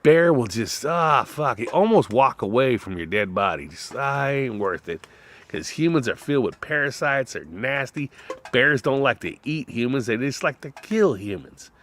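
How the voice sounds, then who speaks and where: A man in a rambling, profane monologue whose voice swings between loud outbursts and low mutters. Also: lively intonation, normal speed, a little hiss or hum.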